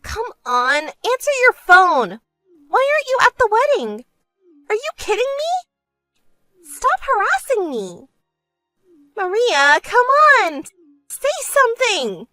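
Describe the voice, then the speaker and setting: A woman plays the bride-to-be's sister in an animated story: vain, self-centered, smug and whiny, turning shrill when she's angry. The delivery is at normal speed, with no echo and soft background music.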